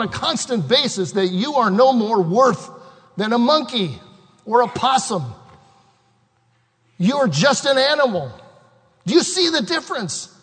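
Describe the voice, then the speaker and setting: Male preacher, high pitch, fervent delivery shifting loud to hushed; reverberant hall. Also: big pitch swings, slightly rough. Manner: impassioned, swings from loud bursts to quiet, slow reading. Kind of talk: sermon.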